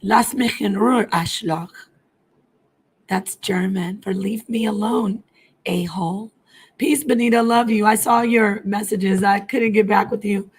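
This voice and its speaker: A woman's voice: medium pitch, steady tone, a little slow, a little hiss or hum. A middle-aged woman hosting a casual live stream, chatting to viewers and switching between languages as she goes. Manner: chatty, hops between languages while answering chat. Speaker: livestream host.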